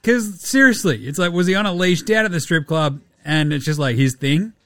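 A man's voice: on the high side, animated, moderate pace, fairly bright tone, dry recording, studio quality. Sweary Australian man hosting a sports podcast. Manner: sweary, jokey, mocking impressions. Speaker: podcast host.

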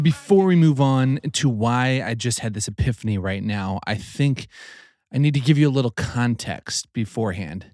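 A man's voice: medium pitch, darkish tone, no room sound. A man hosting a travel vlog, chatty and enthusiastic as he tours a large warehouse. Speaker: travel vlogger.

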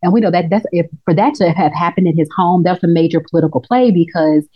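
A woman co-hosts a casual podcast, retelling scenes at a rapid clip. She slips in and out of playful character voices while she talks. Her voice sits a little low, and the recording sounds muffled and lo-fi. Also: breathy edge. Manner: animated storytelling, acts out characters in quotes. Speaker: podcast co-host. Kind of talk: casual recap chat. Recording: dull lo-fi audio.

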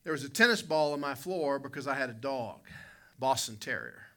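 A man preaching a sermon as pastor, telling a story in an animated way with sudden loud bursts. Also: medium pitch, normal speed.

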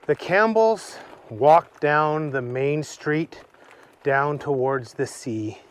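A man telling an improvised children's story slowly while outdoors on a hike. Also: fairly high pitch, soft background music. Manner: slow, unhurried storytelling.

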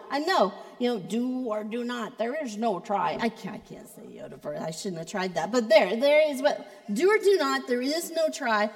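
High-voiced woman preaching, slow and reverberant. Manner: conversational, playful preaching with asides. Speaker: creative arts pastor. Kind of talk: sermon.

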